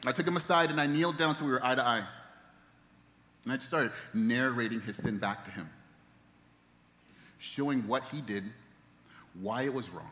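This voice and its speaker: A man in his thirties preaches a sermon to his congregation, his mid-pitched voice ringing out with a long church-hall reverb. He tells stories and lets his voice fall soft and hushed at the tender moments. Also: moderate pace, pauses often. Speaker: pastor. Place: church sanctuary.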